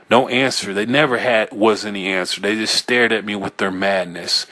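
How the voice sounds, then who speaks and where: A man reading a first-person horror story aloud, in a tense, halting way with small self-corrections. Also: lowish voice, steady tone, sharp tone. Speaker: audiobook reader.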